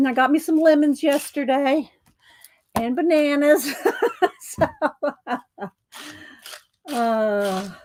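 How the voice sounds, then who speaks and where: Chatty, rambling woman streamer, slightly high. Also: slow pace, pauses often, darkish tone. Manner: rambling, chatty, laughs often, greets viewers. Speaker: livestream host. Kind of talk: casual livestream chat.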